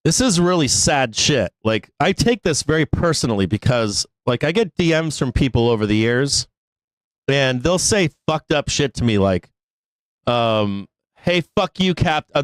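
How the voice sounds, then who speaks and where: Exasperated, profane trading show host. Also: male voice, on the high side, no room sound, clean studio sound. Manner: exasperated, profane, pleading with viewers, laughs often. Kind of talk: live trading show rant.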